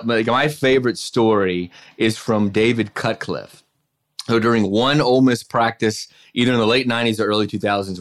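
A man, a sports reporter, telling college football anecdotes in a casual, animated way, with frequent restarts. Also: fairly low pitch. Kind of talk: casual storytelling on a podcast.

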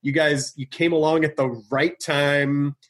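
A man's voice: fairly high pitch, flat delivery, a bit bright. A man hosting a casual podcast conversation, speaking with enthusiasm and often restarting and repeating words. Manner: enthusiastic, halting, repeats words while searching for them. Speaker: podcast host.

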